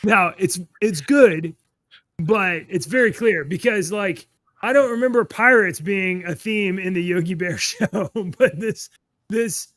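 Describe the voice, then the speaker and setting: A man in his thirties co-hosting a podcast, chatting casually and telling animated, rambling stories with laughs. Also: high voice, measured pace, no echo, studio quality. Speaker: podcast co-host. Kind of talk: casual chat.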